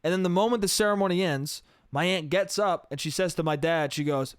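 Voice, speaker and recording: A man's voice: sits high, a little fast, few pauses, no room sound, studio quality. Exasperated, profane man ranting on a podcast. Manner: profane, exasperated ranting with mocking quoted asides. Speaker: podcast host. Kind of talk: solo comedic storytelling podcast.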